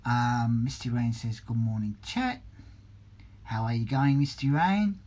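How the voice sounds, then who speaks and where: A man talking slowly and unhurriedly on a casual livestream, pausing often with ums and restarts. His pitch sits in an ordinary middle range. He reads viewer comments aloud and chats back to them from his hobby room. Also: a little mellow, dull audio. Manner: slow, hesitant, many ums and restarts. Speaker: livestream host.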